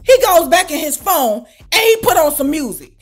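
A woman telling a storytime vlog story in a casual, animated and profane way, often asking her listener whether they follow. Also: high-pitched, moderate pace. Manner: animated, profane, keeps asking "you know what I'm saying?". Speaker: storytime vlogger.

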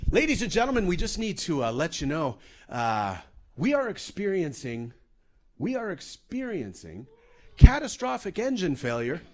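A man's voice: extremely high pitch, sing-song, brisk, few pauses, fairly bright tone, voice pushed up, exaggerated voice. A man doing a cheesy DJ-voiced airline captain. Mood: breezy. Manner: smooth upbeat announcer patter.

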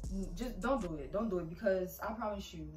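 A woman's voice: medium pitch, fairly quick, a little mellow. A young woman vlogger ranting about her pet peeves in a sassy, emphatic way, full of "like". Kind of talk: casual ranting vlog. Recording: echoey room, far from mic, music behind.

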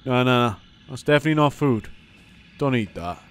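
A man giving gameplay commentary as a let's play host; he is excitable and jokey and swears a lot. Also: medium pitch, brisk, faint music behind.

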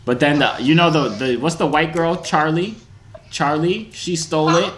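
A man's voice: fairly high pitch, normal speed, a bit bright, a little hiss or hum. A young man hosting his video channel, joking and teasing strangers in a casual video chat. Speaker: YouTuber host.

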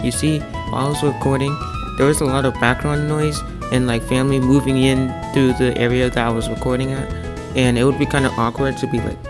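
An excitable man talks through his gameplay in a casual, chatty way, now and then breaking into sudden loud exclamations. His pitch sits in an ordinary middle range. Music plays clearly underneath him. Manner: excitable, quick outbursts of exclamation. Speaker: gaming channel host. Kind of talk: casual gameplay commentary and voice-over. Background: background music.

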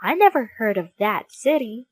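A woman voicing a friendly, cheerful male French bulldog in a children's storybook, with bright, eager, sing-song lines. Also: a little high, sing-song, normal speed, husky, no room sound.

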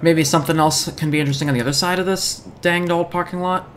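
A man's voice: on the high side, steady tone, quick pace, over music. Jokey man commentating a video game. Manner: jokey, sarcastic, prone to yelps and laughs. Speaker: let's-play gamer.

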